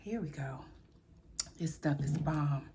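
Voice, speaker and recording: A woman's voice: sits low, slow pace, heavy background noise. A woman hosting a mukbang food vlog, chatting casually to her viewers as she eats. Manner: chatty, addresses viewers as y'all, eats between words. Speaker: food vlogger.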